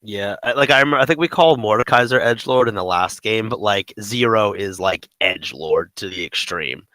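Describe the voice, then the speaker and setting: A man co-hosting a casual gaming podcast, talking in a rambling, animated way with many fillers. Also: on the low side, brisk, dry recording, rough recording. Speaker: podcast co-host.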